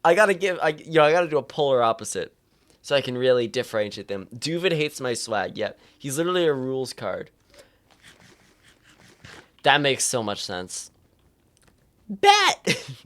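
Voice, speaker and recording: Young guy streamer rambling, stumbly, lots of restarts, animated pitch. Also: normal speed. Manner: rambling, stammering restarts, laughs often. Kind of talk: casual live-stream chat.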